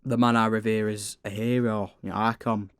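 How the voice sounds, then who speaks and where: A teenage man from Greater Manchester with a Manchester accent, a guest in a radio studio. He talks cheekily and chattily, often tripping over his words, in a smooth, clear voice. The close studio mic gives a dry sound. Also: lowish voice, little pitch movement, normal speed, dry recording. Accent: Mancunian. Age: teens. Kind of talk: radio interview. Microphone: studio microphone.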